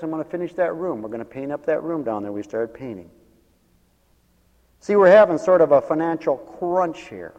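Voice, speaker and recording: Man pastor, sermon style, emphatic preacher, dull lo-fi sound. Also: medium pitch. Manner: preachy, rising to loud emphatic calls. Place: church. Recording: muffled church recording with long reverb. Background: radio ministry broadcast of a church service.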